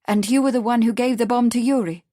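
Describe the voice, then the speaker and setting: A woman reading the lines of a frightened, earnest young woman, hushed and pleading, in an audiobook. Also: on the high side, fast, dry recording, studio quality, close to an everyday voice.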